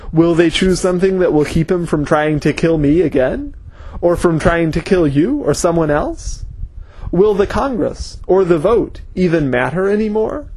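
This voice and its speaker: A man voicing a grim, determined man who speaks intensely and forcefully. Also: high-pitched, slightly rough, pitched above the performer's own voice.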